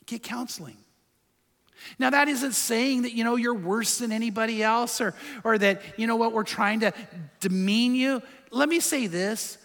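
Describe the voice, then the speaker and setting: High, bright-voiced preacher in a reverberant hall. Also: male voice, normal speed. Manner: conversational, emphatic, rhetorical questions. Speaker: pastor. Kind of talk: sermon.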